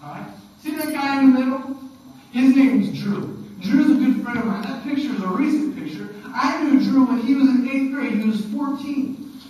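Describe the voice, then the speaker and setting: A young man giving an animated storytelling sermon to students at a school event, often checking in with "okay?". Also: extremely high pitch, normal speed. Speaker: youth speaker. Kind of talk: youth sermon. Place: school hall, live audience. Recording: echoey hall from far off.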